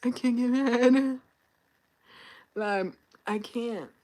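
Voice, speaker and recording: A woman's voice: a little high, very slow, a little mellow. A young woman chatting casually on a livestream, telling a story and acting out her coworkers and her manager. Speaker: livestream host. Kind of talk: casual livestream chat with viewers.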